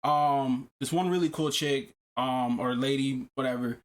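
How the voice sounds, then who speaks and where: A man hosting a podcast, telling a long personal story in casual chat, animated and profane, often repeating himself. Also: medium pitch, unhurried. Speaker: podcast host.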